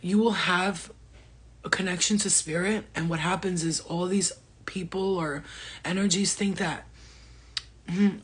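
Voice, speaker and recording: This middle-aged spiritual medium has a husky voice pitched on the low side. She chats casually on a livestream, swearing, laughing frequently, and speaking in a lively way.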